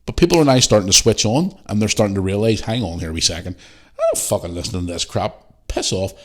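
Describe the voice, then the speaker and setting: A Northern Irish man hosting a podcast, ranting bluntly and animatedly with heavy swearing. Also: fairly low pitch. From Northern Ireland. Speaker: podcast host. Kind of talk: casual podcast rant.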